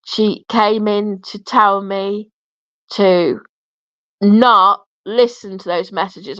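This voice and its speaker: Slow, hoarse woman host, muffled. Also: medium pitch, fairly bright tone, no room sound. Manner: earnest, explaining at length. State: losing her voice. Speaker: livestream host. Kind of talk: livestream chat. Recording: muffled lo-fi stream audio.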